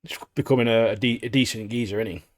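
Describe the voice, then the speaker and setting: A man's voice: medium pitch, fairly even intonation, fast. A man, co-hosting a podcast, joking and laughing in slangy casual chat. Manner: jokey, laughs a lot, slangy. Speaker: podcast co-host. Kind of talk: casual chat reviewing anime.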